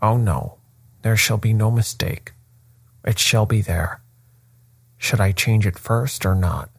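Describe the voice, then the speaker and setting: A man voicing a gruff bullying old horse trainer. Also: fairly low pitch, slow, no room sound, exaggerated voice. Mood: cowed. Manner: blustering then cringing.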